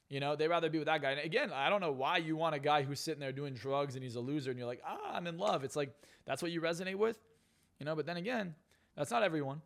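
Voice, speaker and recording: Fast-talking blunt, profane man. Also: a little high, vocal fry. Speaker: podcast guest. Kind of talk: casual podcast talk.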